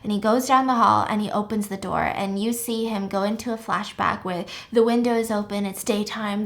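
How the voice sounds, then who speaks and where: A woman casually recapping a thriller film on her podcast, chatty and animated. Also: medium pitch. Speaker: podcast host.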